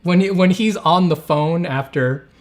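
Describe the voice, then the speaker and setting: A man's voice: a little high, a little slow. A man hosting a casual art chat, rambling, with many fillers and restarts. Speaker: artist and channel host.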